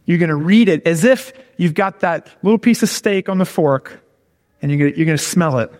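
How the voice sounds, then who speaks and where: A man's voice: on the high side, fairly quick, darkish tone, in a large hall. A man giving a conversational sermon who keeps checking in with his listeners with "okay?" and "all right?". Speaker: preacher.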